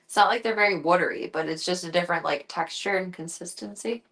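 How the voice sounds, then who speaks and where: A woman's voice: lowish voice, fast, creaky, a bit bright. A young woman streaming from home on a handheld phone, chatting casually and slipping into baby talk with her pet cat. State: tearful, close to crying. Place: at home indoors. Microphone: handheld phone camera.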